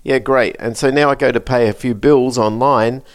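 A man's voice: medium pitch, steady tone, moderate pace, clear, resonant tone, dry recording, studio quality. A man co-hosting a podcast in a casual chat, talking freely and laughing as he complains. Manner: chatty, laughs while complaining. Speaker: podcast co-host.

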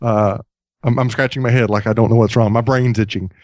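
A man's voice: medium pitch, fairly even intonation, fairly quick, darkish tone, no echo. Rambling podcast host man. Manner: rambling, self-deprecating, stumbles and restarts. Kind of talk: casual podcast chat.

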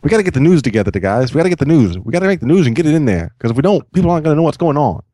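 A man's voice: a little high, very animated, very fast, warm tone, dry recording, clean studio sound, pitched above the performer's own voice. A man doing a pushy 1950s movie newsman. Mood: urgent. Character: fast-talking 1950s movie newsman, adult male.

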